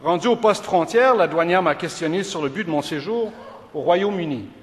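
Speaking in a bright, higher register through a podium mic, a middle-aged law school dean delivers an animated yet measured and rhetorical graduation address, moving between English and French. The formal ceremonial speech echoes with long reverb in a large ceremony hall.

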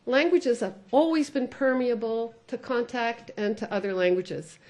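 A woman giving a conference lecture as a sociolinguist, thoughtful, often pausing with "uh" and slipping between English and French. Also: a little high, darkish tone.

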